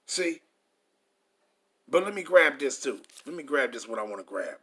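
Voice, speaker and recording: A man preaches a confrontational sermon, reading verses aloud and then ranting at his listeners with heavy profanity, stumbling over his words frequently. His mid-range voice is husky and sharp in tone, swinging widely in pitch at a moderate pace.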